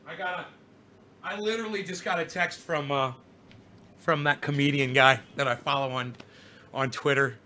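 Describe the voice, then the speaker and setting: A man's voice: fairly high pitch, fairly even intonation, moderate pace, long pauses, bright, forceful tone, slight background noise. A middle-aged man hosting a casual livestream, reading viewer comments aloud and lecturing them in a rambling, profane way. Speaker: live streamer reading chat.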